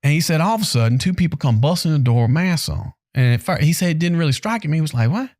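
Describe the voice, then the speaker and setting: A man's voice: fairly high pitch, fast, dry recording, clean studio sound. A man, co-hosting a podcast in casual chat and animatedly acting out the people in his stories. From North Carolina, US. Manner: animated storyteller who acts out quotes. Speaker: podcast co-host.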